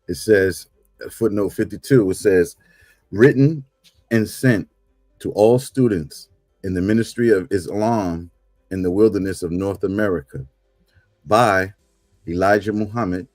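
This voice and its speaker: A man with a low voice reads aloud during a class, measured and stressing important words. The sound is very dry and close. Faint music plays underneath. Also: darkish tone, no room sound. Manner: measured, stressing key words when reading. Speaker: student reading aloud in class.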